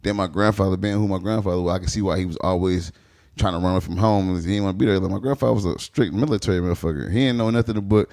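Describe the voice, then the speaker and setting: A man's voice: low voice, racing, creaky. A man who is a stand-up comedian, guest on a podcast, telling crude stories with plenty of laughter and acted-out quotes. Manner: animated, acts out quoted lines, laughs often.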